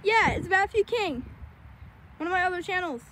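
A woman's voice: very high voice, lively intonation, normal speed, fairly bright tone, a little hiss or hum. A woman vlogging casually outdoors with her dogs, chatting to them fondly on a handheld camera. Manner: chatty, talks to the dogs in a fond sing-song. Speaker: pet vlogger. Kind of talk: casual vlog with pets. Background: dogs barking.

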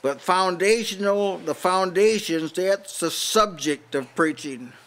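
A man's voice: high voice, slow, a bit bright. Emphatic older man preaching a sermon. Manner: emphatic, challenging, with frequent restarts. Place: house church meeting.

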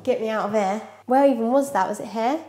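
A woman's voice: on the high side, fast, very noisy. A young British woman, a reality show contestant, chatting to camera in a bubbly, rambling way. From Britain. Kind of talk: casual chat to camera.

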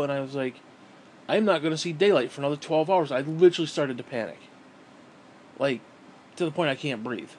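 A man's voice: fairly high pitch, a little hiss or hum. A middle-aged man ranting casually to his viewers, frustrated and swearing, rambling with frequent restarts. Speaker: vlogger. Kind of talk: casual rant to camera. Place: home.

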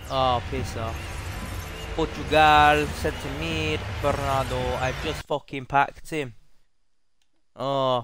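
A young man commentating over a video game pack opening, excitable and swearing freely, pleading with the game and yelping at reveals. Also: medium pitch, slight background noise. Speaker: gaming content creator.

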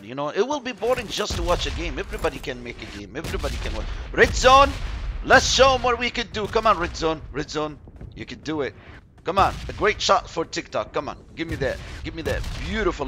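A man giving chatty, excitable commentary while playing a shooter game, yelping when surprised. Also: fairly high pitch, fast, a little hiss or hum. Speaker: mobile game streamer.

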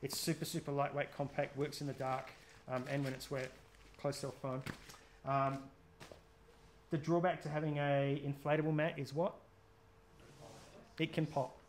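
A man's voice: a little high, little pitch movement, normal speed, pauses often, a little hiss or hum. A man giving a chatty, jokey outdoor safety workshop, often quizzing his audience. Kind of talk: live gear workshop talk.

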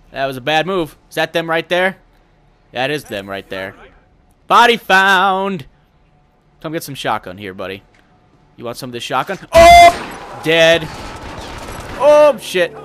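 A young man giving casual, excitable gameplay commentary, thinking aloud and swearing. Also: mid-range voice.

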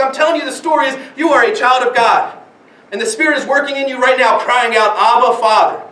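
A man's voice: very high-pitched, fairly quick, pushed and bright, reverberant, far from the mic. A man preaching a sermon as pastor, earnest, with many rhetorical questions and repeated phrases. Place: church sanctuary.

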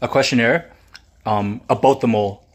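Calm man explaining things in casual chat. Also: mid-range voice, normal speed, slightly rough. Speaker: mukbang co-host. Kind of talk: casual chat while eating. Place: indoors at a dining table.

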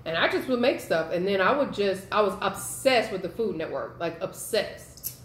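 A woman co-hosting a casual cooking show, telling stories in an expressive, playful way. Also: medium pitch, fairly quick, roomy sound, slight background noise. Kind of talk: casual chat.

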